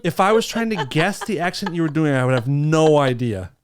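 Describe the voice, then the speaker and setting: A woman's voice: low voice, expressive, fairly quick, crowd noise. A woman hosting a podcast in loose casual chat, teasing and swearing freely. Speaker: podcast host.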